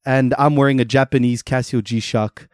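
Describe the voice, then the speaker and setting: A man's voice: mid-range voice, steady tone, normal speed, no echo, clean studio sound. A man co-hosting a casual chat, spinning a playful story and laughing often. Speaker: podcast co-host.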